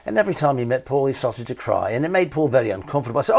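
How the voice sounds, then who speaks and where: A male photographer telling stories in an interview, animated, acting out what others said. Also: mid-range voice, quick pace, vocal fry, hardly any pauses, slightly rough. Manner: animated anecdotal storytelling, acts out quoted voices. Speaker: photographer guest. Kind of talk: storytelling interview.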